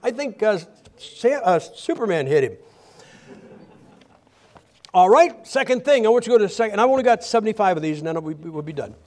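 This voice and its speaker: A male preacher delivering a humorous, animated sermon, often restarting his sentences. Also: sits high, fairly quick, long pauses.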